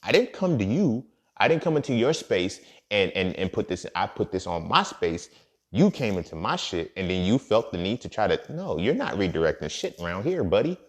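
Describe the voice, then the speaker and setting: A man's voice: on the low side, big pitch swings, normal speed. A young man talking casually on his podcast in a streetwise, profane way, often asking "you feel me". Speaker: podcast host. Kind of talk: casual monologue.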